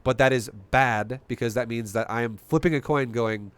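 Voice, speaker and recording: Male game streamer, swears constantly, rapid rhetorical questions, middle pitch. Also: smooth, no room sound. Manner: animated, profane, rhetorical questions. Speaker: streamer coaching a strategy game. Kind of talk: live-stream commentary.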